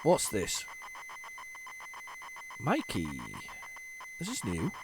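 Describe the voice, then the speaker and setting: A man's voice: mid-range voice, huge pitch swings, extremely slow, noisy background. A man hosting a retro gaming video, chatting casually to viewers as he rambles, stumbles and restarts his sentences. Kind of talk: casual running commentary.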